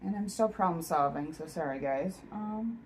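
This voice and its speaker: A woman's voice: on the low side, lively intonation, moderate pace, darkish tone, slight background noise, rough recording. A tired woman chatting casually with viewers while shuffling tarot cards, joking at her own expense and talking to herself. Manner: chatty and self-deprecating, talks to viewers and herself. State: tired, yawning. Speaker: tarot reader streaming live. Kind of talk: casual live-stream chat.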